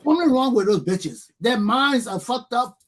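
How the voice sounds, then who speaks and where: A man's voice: extremely high pitch, lively intonation, a little slow, a crowd in the background. A man from Liberia hosting a talk show, ranting angrily in a profane, repetitive way full of rhetorical questions. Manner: angry, profane, repeating himself, rhetorical questions. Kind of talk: heated talk show rant.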